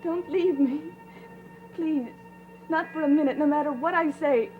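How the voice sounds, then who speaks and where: A scared young girl, pleading. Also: high voice. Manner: halting, pleading, stammering. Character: frightened young woman, clingy and pleading. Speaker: frightened patient in bed. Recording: dull, phone-like lo-fi sound with music.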